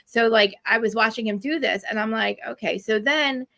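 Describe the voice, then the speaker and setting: A woman with a New Jersey accent, chatting as a podcaster guest on a video call, animated and laughing, swearing freely. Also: fairly high pitch, moderate pace, vocal fry. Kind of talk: casual chat.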